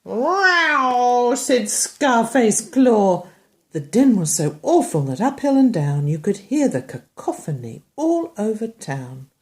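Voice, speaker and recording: Slow, lively woman reading a storybook. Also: medium pitch. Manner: animated, swings from bright exclamations to soft murmured asides; asks the child questions about the pictures. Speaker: reader to a child. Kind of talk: reading a picture book aloud.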